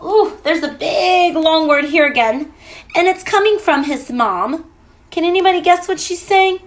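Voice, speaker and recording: A woman teacher reading a picture book aloud to children, animated and playful, stretching out the sounds. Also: extremely high pitch, a little slow.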